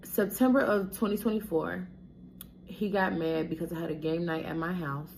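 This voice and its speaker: Low-voiced blunt woman telling a story. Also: fairly even intonation, normal speed, creaky, a little mellow, a little hiss or hum. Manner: blunt, profane, talks straight to viewers. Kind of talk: casual storytime monologue.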